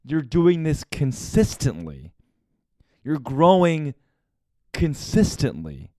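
A man's voice: on the high side, wildly swooping pitch, slow pace, a little mellow, no echo, studio quality. A young man from the United States hosting a casual podcast monologue, talking candidly and confessionally and swearing often. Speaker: podcast host.

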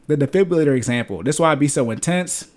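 A man's voice: on the high side, lively intonation, rapid-fire, darkish tone, slight background noise. A young adult man hosting a finance podcast, ranting bluntly and lecturing listeners with homespun analogies. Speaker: podcast host. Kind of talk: personal finance podcast rant.

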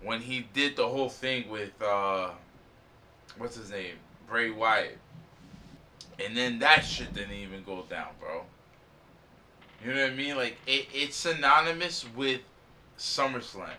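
A man's voice: medium pitch, a little slow, pauses often, sharp tone, slight background noise. A man hosting a casual wrestling podcast, opinionated and emphatic, swearing often. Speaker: podcast host.

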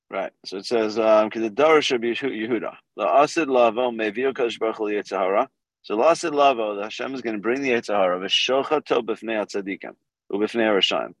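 A man's voice: mid-range voice, a bit bright, no echo, rough recording. A man leading a casual Talmud study class, explaining loosely with fillers and quoting Hebrew and Aramaic terms. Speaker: teacher leading a Gemara class.

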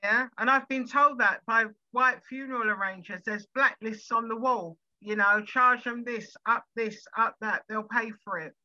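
A woman with a very bright, fairly high voice talks frankly and emphatically as a podcast guest, leaning into stories. Her line sounds dry and a little dull, like a remote call. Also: normal speed, few pauses, dry recording, faint music behind. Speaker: podcast guest, funeral director. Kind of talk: interview conversation.

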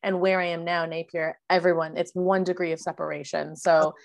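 A woman's voice: fairly low pitch, little pitch movement, a little fast, gravelly. A woman with a Canadian accent and a slightly nasal voice co-hosting a podcast, chatting in a blunt, playful way. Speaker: podcast co-host. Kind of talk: casual chat.

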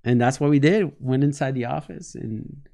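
A man's voice: medium pitch, normal speed, gravelly. Laughing Salvadoran man telling a story. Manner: animated storyteller, acts out quotes, laughs often. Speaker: podcast co-host. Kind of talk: casual storytelling chat.

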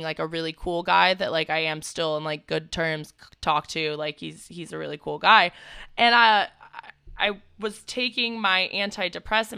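Bright, smooth-voiced young woman podcaster. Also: fairly low pitch, no room sound, clean studio sound. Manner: chatty, laughing, swears freely. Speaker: podcast co-host. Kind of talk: casual podcast chat.

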